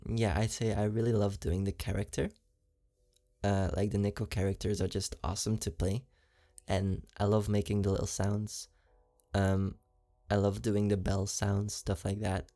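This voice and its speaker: A man with a slight foreign accent answers fan questions in a relaxed, giggly way, full of ums and likes. His voice sits low and mellow with a gravelly fry, and faint music plays behind him. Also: moderate pace. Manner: chatty and giggly, many fillers. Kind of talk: casual Q&A.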